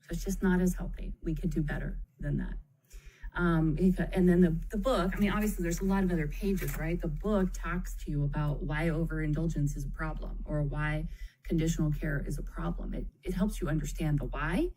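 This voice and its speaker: A woman with a lowish, mellow voice walks viewers through a parenting chart in a live stream. She keeps it conversational, pausing to check in with "okay?" and speaking of kids with gentle empathy. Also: a little hiss or hum, poor audio. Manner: warm, empathetic phrasing, calls children "kiddo". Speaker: parenting educator. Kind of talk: live-streamed explanatory talk.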